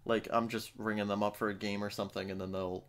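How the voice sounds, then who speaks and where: A man's voice: little pitch movement, fast talker, clean tone. Swearing, laughing man in his twenties. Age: 20s. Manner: heavy swearing, laughing, mimicking customers in high voices. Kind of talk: casual chat.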